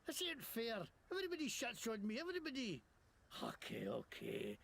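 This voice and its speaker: A man's voice: extremely high pitch, wildly swooping pitch, fairly bright tone, exaggerated voice. An actor playing a crude, bitter male thug who fakes a Scottish accent, coarse and self-pitying, in a video game. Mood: whining. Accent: put-on Scottish. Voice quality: gravelly, coarse and cursing. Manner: whiny, self-pitying, quick to bluster.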